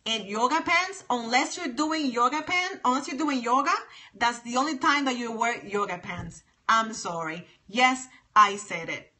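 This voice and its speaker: A woman's voice: fairly high pitch, animated, normal speed, pushed and bright. A woman chatting live with viewers on her phone, emphatic and sassy, repeating her points. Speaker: livestream host. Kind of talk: casual livestream chat with viewers.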